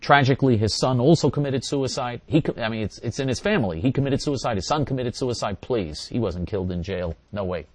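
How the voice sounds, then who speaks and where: A man's voice: mid-range voice, expressive, a little fast, few pauses, darkish tone, dry recording. Older male talk radio host, emphatic and repetitive, mid-range voice, dry close-miked sound. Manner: emphatic and repetitive, hammering points again and again. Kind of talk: talk radio monologue answering listeners.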